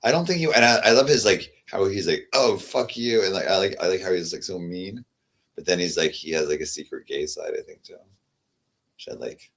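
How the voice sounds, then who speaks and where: Deep-voiced man rambling on a livestream. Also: fairly bright tone. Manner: halting, repeats words, trails off. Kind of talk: rambling casual livestream chat.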